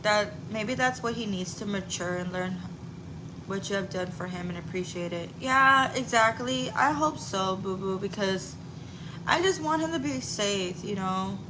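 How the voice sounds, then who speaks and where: A chatty woman in her forties talks through a live stream like she is catching up with friends, candid and a little profane. Her voice sits at an ordinary pitch, with a steady hum of background noise under it. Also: a little slow. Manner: chatty and candid, swears casually, laughs often. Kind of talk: casual live-stream chat.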